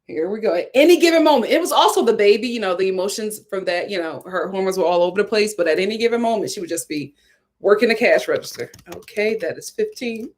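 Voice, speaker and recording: An American woman hosting a casual commentary show, reading viewer comments and telling stories in an animated, chatty way. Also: medium pitch, fast. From United States. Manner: animated, storytelling. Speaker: host.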